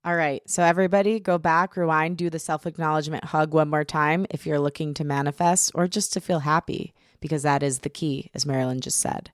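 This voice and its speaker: A woman's voice: low-pitched, steady tone, brisk, few pauses, no echo. Enthusiastic woman podcast host, dry sound. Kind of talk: casual interview chat.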